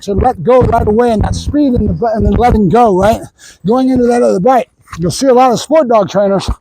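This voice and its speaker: A middle-aged man training a dog outdoors, explaining plainly between high sing-song bursts of praise. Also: a little mellow, slightly rough, poor audio. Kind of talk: casual training demonstration.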